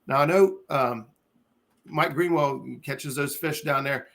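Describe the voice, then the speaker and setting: A man's voice: a little high, slow, a bit bright. A man from Ohio hosting a casual fishing live stream chat, rambling with lots of ums and uhs and chuckling between thoughts. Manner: rambling, hesitant, lots of fillers. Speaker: host.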